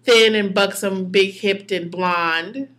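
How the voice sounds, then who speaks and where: A woman's voice: medium pitch, slow. Podcast co-host, woman with an ordinary voice, easygoing and meandering. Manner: relaxed, rambling, many ums. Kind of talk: casual chat.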